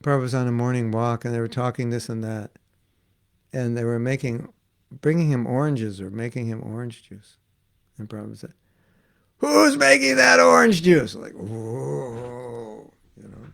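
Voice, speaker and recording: A man's voice: medium pitch, steady tone, brisk, vocal fry, dark tone. A man giving an informal devotional class, chatty and laughing as he tells stories and acts out the voices in them. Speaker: spiritual teacher giving a class.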